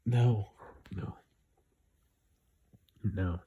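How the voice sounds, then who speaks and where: A man's voice: lowish voice, extremely slow, dark tone, husky, dull audio. A young man giving blunt, repetitive opinion commentary, hammering his points home.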